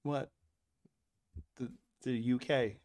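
A man's voice: mid-range voice, steady tone, slow, a little mellow. A man hosting a podcast in casual chat, rambling and teasing with frequent laughs. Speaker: podcast host.

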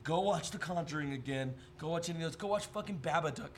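A man's voice: fairly high pitch, fast talker, faint music behind. Swearing, rambling young man. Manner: profane, rambling, jokey storytelling. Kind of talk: casual chat.

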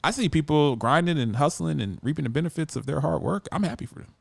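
Man, radio host, brash emphatic monologue, lively swinging pitch, dry close sound. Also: quick pace, vocal fry, no echo. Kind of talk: casual monologue.

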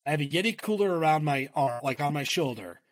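Excitable, swearing man on a casual podcast. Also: fairly high pitch, fast talker, no echo. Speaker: podcast co-host; coach and father. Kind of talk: casual chat.

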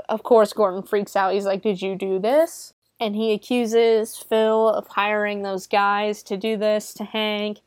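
A woman's voice: mid-range voice, darkish tone, no echo, studio quality. A woman casually recapping a horror movie scene by scene, chatty and profane, often laughing. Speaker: movie reviewer.

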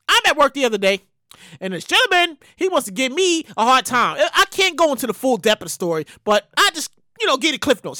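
Loud, animated New podcast host. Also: male voice, very high-pitched, no echo, clean studio sound. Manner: loud, animated, profane ranting. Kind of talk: solo podcast monologue. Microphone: studio microphone.

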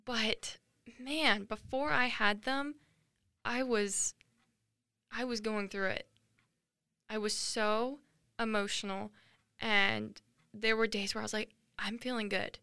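A woman's voice: on the high side, steady tone, slow, pauses often, bright, forceful tone, clear, resonant tone, dry recording. A young woman in her late teens hosting a podcast, talking earnestly and emotionally in a rambling personal monologue with many fillers. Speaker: podcast host.

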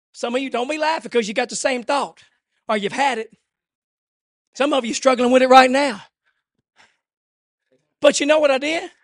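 Fervent high-voiced male preacher. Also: dry recording, clean studio sound. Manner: swings between shouted fervor and hushed, intimate asides. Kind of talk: impassioned sermon.

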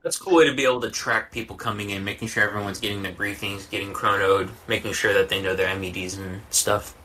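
A man's voice: on the low side, steady tone, fast, bright, forceful tone. A man hosting a casual chat, asking questions and summing up the answers. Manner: asks questions, sums up answers. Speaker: podcast host.

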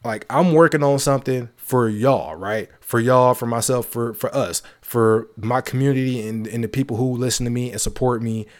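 A man's voice: medium pitch, normal speed, few pauses. Emphatic man ranting to his audience. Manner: emphatic and repetitive, joking asides. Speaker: podcast host. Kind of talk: casual monologue.

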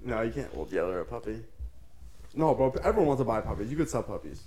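A man's voice: mid-range voice, very animated, quick pace, dark tone, slight background noise, rough recording. A young man co-hosting a podcast, brash and profane, talking in casual crude banter with mock indignation. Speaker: podcast co-host.

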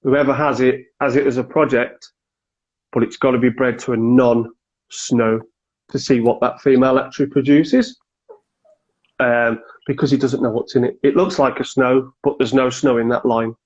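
A man, chatting casually on a podcast about keeping and breeding reptiles, animated and quick to act out little exchanges. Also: mid-range voice, slightly rough. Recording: dull lo-fi sound.

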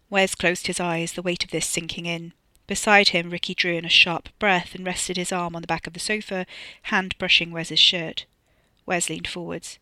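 An author reads their own novel aloud in steady, measured audiobook narration. The voice is bright and crisp, recorded close in a dry room with no echo. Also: mid-range voice.

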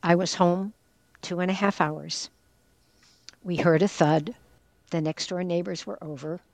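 In a dry recording, an older woman with a lowish, steady, slightly mellow voice speaks at a measured pace. A former teacher and caregiver from northwestern Pennsylvania, she candidly and earnestly recounts a personal story as an interview guest, directly quoting others.

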